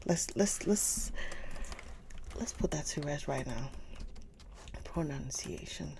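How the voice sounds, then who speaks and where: A woman hosting a live book stream, chatting casually with viewers, gushing and often slipping into a soft whisper. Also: low-pitched, takes it slowly, vocal fry, slight background noise. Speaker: livestream book reader host.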